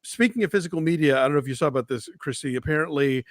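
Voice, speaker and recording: A man's voice: fairly high pitch, very fast, no room sound, studio quality. A man co-hosting a movie news livestream, talking casually and with opinions, full of restarts and fillers. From Georgia, US. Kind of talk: casual chat.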